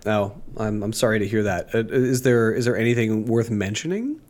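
A man with a head cold and a slightly gravelly voice, co-hosting a casual podcast chat in a jokey, rambling, self-mocking way. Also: fairly low pitch, lively intonation, normal speed, a little mellow. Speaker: podcast co-host.

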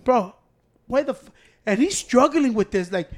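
A man's voice: very high voice, expressive, moderate pace. A man, trading crude, mocking banter with friends and slipping into Spanish. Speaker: friend in group chat. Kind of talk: casual profane banter.

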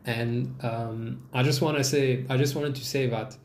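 A man's voice: measured pace, slight background noise. Man ranting on his podcast, echoey room. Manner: swearing, animated storytelling with sudden jumps in pitch. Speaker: podcast host. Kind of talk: casual podcast monologue.

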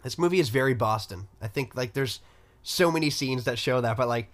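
A young man co-hosting a casual movie podcast, relaxed and slangy, saying "like" a lot. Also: medium pitch, a little fast. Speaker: podcast co-host.

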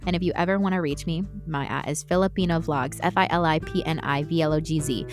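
A young woman with a slightly low voice hosts her own podcast and rants without a filter, swearing constantly as she goes. She breaks into animated, mocking outbursts, and soft guitar music plays faintly behind her. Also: quick pace. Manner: candid and heavily profane, ranting. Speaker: podcast host. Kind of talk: solo podcast rant.

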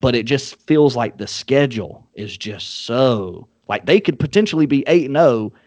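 A man hosting a casual sports podcast, quick and joking as he leads the talk. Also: medium pitch, lively intonation, darkish tone, dry recording. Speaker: podcast host.

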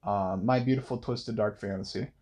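A man's voice: fairly low pitch, fairly even intonation, normal speed, darkish tone. A young man hosting a late-night monologue, rambling casually with many fillers and restarts. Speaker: podcast host.

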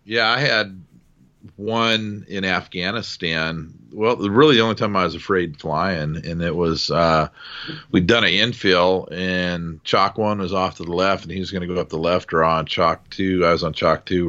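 Deep bright-toned man telling a war story. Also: a little slow, dull audio. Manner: relaxed, profane, acts out quoted shouts. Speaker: military aviation veteran, former door gunner. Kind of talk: casual storytelling conversation.

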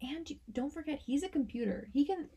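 A woman's voice: sits high, animated, brisk, mellow. A woman co-hosting a podcast, chatting casually about a film and laughing often. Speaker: podcast co-host. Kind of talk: casual chat.

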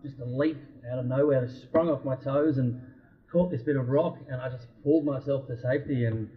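A man's voice: medium pitch, fairly quick. Man, tinny phone-like sound. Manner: animated, filler-heavy storytelling. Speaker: photographer guest. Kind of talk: casual chat, storytelling. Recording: phone-like lo-fi audio.

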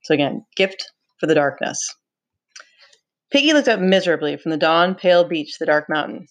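Teacher lady reading a novel aloud, steady narration, little asides to her students, lowish voice. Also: normal speed.

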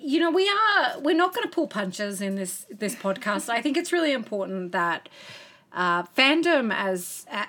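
A woman's voice: on the high side, sing-song, normal speed, pushed and bright. A woman co-hosting a podcast in casual group chat, blunt and laughing often, swearing freely. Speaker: podcast co-host.

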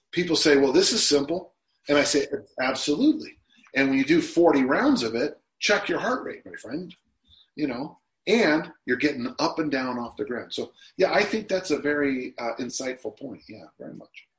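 A sixty-something man appears as a guest on a podcast, reflecting aloud and at times becoming emotional. He speaks at a moderate pace in a medium-pitched, expressive voice, recorded with a roomy echo.

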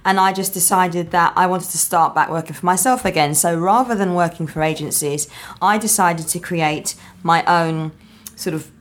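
Woman guest, lowish voice, explains stuff slowly with lots of ums. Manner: measured, explanatory, many ums. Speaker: guest, marketing founder. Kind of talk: interview answers.

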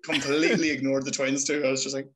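Animated young man telling stories. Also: mid-range voice, fast talker, slight background noise, low-quality recording. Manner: animated storyteller acting out quotes. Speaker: podcast guest, trainee wrestler. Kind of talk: casual chat.

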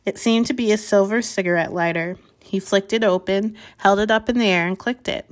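A woman reading a novel chapter aloud in a measured way, with small slips and restarts. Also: mid-range voice, steady tone. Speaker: reader.

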